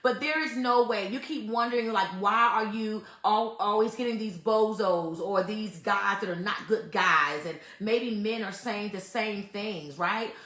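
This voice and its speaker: A woman's voice: medium pitch, measured pace, few pauses, fairly bright tone, roomy sound. A woman hosting a casual faith-based talk on relationships, emphatic and repetitive, often laughing as she makes her points. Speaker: host giving relationship advice.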